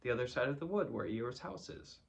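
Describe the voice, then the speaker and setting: A man voicing a small, timid piglet in a storybook reading, speaking quickly and nervously. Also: mid-range voice, expressive, close to an everyday voice.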